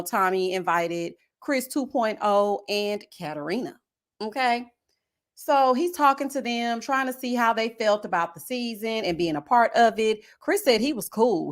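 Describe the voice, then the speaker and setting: A young woman hosting a casual live recap of a reality show, talking with sass, slang and plenty of shade. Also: a little high. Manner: sassy, animated, throws shade with slang asides. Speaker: host of a reality-show review channel.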